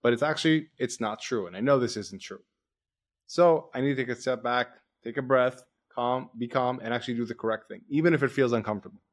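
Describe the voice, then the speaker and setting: A man hosting a podcast, coaching his guest in an energetic, explanatory way and quoting his own inner thoughts as examples. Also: mid-range voice, fairly quick. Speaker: podcast host, performance coach. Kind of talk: coaching conversation.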